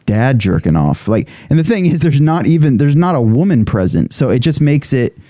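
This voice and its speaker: A man's voice: medium pitch, very animated, normal speed, dark tone, no room sound. A young man co-hosting a podcast, chatting in a crude, candid, rambling way. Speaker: podcast co-host. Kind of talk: casual chat. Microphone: studio podcast mic.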